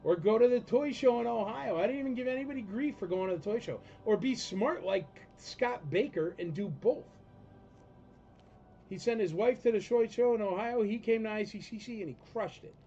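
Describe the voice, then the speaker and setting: A man's voice: sits high, moderate pace, mellow, dull audio, a little hiss or hum. A man hosting a live toy auction stream, blunt and joking, ranting between lots. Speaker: auction host.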